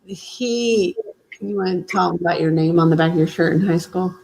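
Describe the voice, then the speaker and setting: A woman's voice: lowish voice, normal speed, vocal fry, warm tone, slight background noise, low-quality recording. A middle-aged woman with a Midwestern accent, chatting and telling stories in a family vlog. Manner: chatty, laughing, storytelling. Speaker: vlogger host. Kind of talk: casual family chat.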